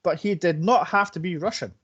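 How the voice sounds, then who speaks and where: A man's voice: high-pitched, brisk, a bit bright, slightly rough, dull audio. A man co-hosting a casual film podcast, hesitant and searching for his words as he describes scenes. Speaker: podcast co-host. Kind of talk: casual film review chat.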